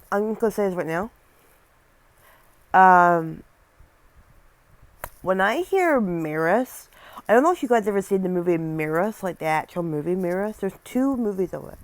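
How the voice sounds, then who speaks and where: A woman's voice: fairly low pitch, darkish tone, no echo. A young woman reading a scary story aloud and breaking off for casual, rambling asides, often stumbling over words.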